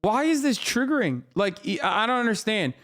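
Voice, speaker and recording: Exasperated high-voiced man ranting on stream. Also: very animated, normal speed, very noisy. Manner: ranting, exasperated, heavy swearing. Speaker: streamer reacting to a clip. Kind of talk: casual live-stream commentary.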